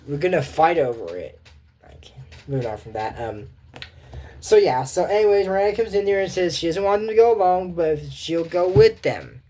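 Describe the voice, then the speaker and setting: A woman's voice: lowish voice, animated, moderate pace, dark tone. A woman giving rambling, digressive casual reaction commentary, often breaking off to move on to the next point. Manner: rambling, digressive, keeps saying "moving on".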